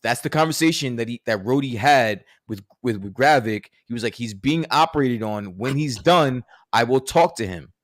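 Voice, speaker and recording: A man's voice: mid-range voice, expressive, normal speed, hardly any pauses, dry recording, studio quality. A man co-hosting a podcast in casual debate, profane and often repeating and restarting his words. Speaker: podcast co-host.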